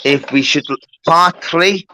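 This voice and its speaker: A man moderating a mock court on a live stream, bossy and quick to swear at anyone who butts in. His voice sits a little high. The sound is dry and close. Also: sharp tone, dry recording, low-quality recording. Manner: bossy, sweary, keeps order.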